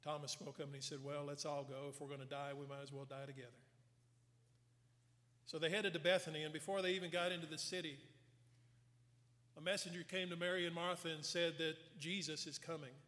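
This sermon comes from an earnest man with a slightly high voice, speaking a little fast with a flat delivery under long sanctuary reverb. He retells scripture through voiced quotes, going soft to underline key moments.

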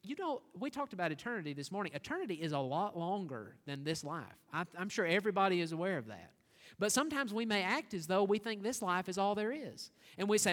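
A high-pitched man preaches, pressing his listeners with earnest rhetorical questions. His voice rings out with a long reverb that fills the church hall. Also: lively intonation, a little fast, a bit bright. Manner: earnest, rhetorical questions, rising to emphatic reading. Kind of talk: sermon.

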